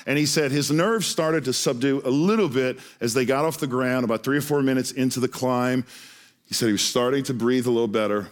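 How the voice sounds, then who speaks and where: A man's voice: mid-range voice, a little fast. A male preacher telling a story in a sermon, earnest and often repeating words as he starts a phrase.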